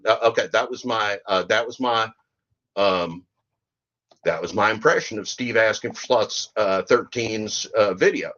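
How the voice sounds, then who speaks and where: A man's voice: lowish voice, a little slow, a bit bright, highs cut off. A man hosting a podcast, giving rambling, sardonic commentary and often repeating himself. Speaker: podcast host.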